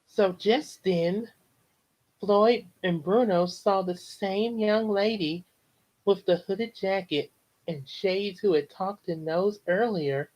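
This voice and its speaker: A woman slowly reading a storybook aloud, earnest and steady, voicing the characters as she goes. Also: medium pitch, muffled recording. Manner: slow, earnest read-aloud delivery.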